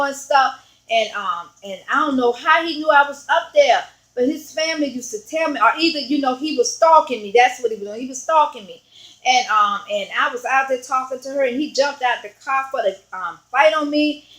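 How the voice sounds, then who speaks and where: A woman evangelist telling a personal story on her vlog in a halting, rambling, conversational way. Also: sits high, a bit bright, low-quality recording. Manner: halting, rambling retelling full of fillers; earnest, conversational.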